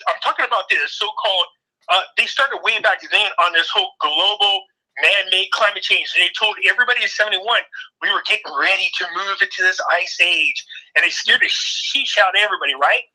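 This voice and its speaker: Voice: mid-range voice, a little fast, sharp tone, low-quality recording. An older co-host in casual political chat, opinionated and mocking the people being quoted.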